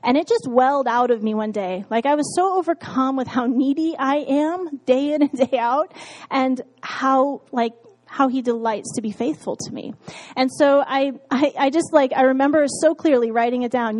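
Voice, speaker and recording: A woman's voice: high-pitched, moderate pace, darkish tone, rough recording. A married woman casually telling her faith story, candid, with frequent fillers and laughs. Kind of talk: casual testimony talk.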